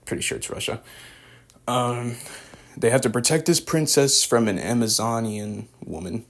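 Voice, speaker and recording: A man's voice: medium pitch, moderate pace. A young man recapping and reviewing a show in a loose, rambling way, full of fillers and slang. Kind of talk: casual spoken recap and review.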